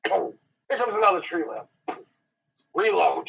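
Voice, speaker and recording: A man, a professional wrestler, telling his encounter stories in a rambling, dramatic way that slows down for suspense. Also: a little high, fairly bright tone, a little hiss or hum. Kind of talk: animated storytelling. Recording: dull lo-fi interview audio.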